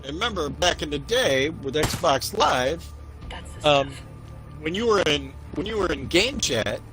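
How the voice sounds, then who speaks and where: Bright-voiced man telling a profane story. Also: on the high side, unhurried, soft background music, low-quality recording. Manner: profane, animated, acts out quotes. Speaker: podcast co-host. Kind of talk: casual storytelling.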